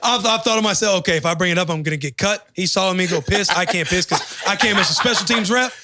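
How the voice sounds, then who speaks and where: A young man, a football player, telling an animated, profane story in casual podcast chat and acting out the voices in it. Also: high-pitched, quick pace, over a noisy crowd.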